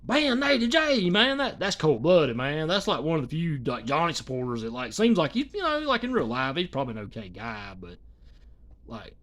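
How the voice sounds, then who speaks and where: A man in casual reaction commentary with a high, lively and bright voice. He rambles and swears, leaning on fillers like "like" and "you know". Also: normal speed.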